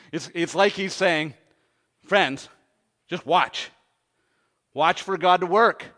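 Bright-voiced man preaching with big swings. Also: high voice, slow pace. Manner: dynamic preaching, swings from hushed to loud; asks the congregation questions. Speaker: pastor. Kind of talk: sermon.

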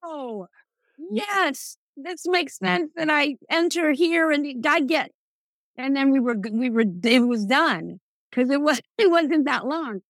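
A middle-aged woman speaking candidly in a casual interview, animated and quick to laugh, acting out the things she once said. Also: sits high, no room sound. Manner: candid, animated, laughs often, acts out quotes. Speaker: guest.

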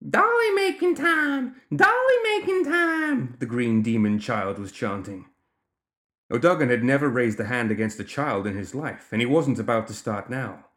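An audiobook narrator reading a story with expressive delivery. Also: medium pitch, moderate pace. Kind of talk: scripted narration.

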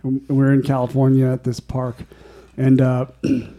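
A man's voice: medium pitch, monotone, moderate pace, mellow. A man co-hosting a casual beer podcast, joking and laughing as he talks. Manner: jokey, laughs a lot. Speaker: podcast co-host. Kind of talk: casual chat.

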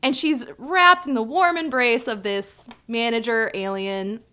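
A woman co-hosting a casual chat, retelling scenes with lively, joking commentary. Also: fairly high pitch, unhurried, a crowd in the background. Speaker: podcast co-host. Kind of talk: casual chat recapping a drama.

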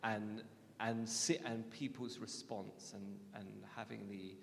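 Gravelly low-voiced man in a reverberant hall. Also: level tone, slow pace, fairly bright tone, a little hiss or hum. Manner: candid, self-deprecating storytelling. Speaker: guest speaker. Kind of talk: telling a personal faith story.

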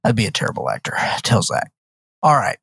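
A man in his thirties banters on a podcast, cursing freely and puffing himself up in mock grandeur. His pitch swings widely and he laughs often. The sound is dry and close, with no room echo. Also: very animated, a little fast, gravelly, fairly bright tone, slightly rough. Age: 30s. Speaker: podcast co-host. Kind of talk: casual chat.

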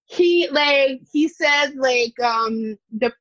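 A woman's voice: high-pitched, very slow, fairly bright tone. A woman chatting casually as a podcast co-host, talking hesitantly with lots of fillers. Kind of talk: casual TV recap chat. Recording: dry, dull lo-fi sound.

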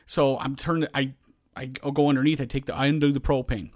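A man, a podcast host, telling a long frustrated story in casual chat, shouting now and then as he acts out the scene. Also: mid-range voice, fairly quick, no echo, clean studio sound. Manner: animated, yells when reenacting.

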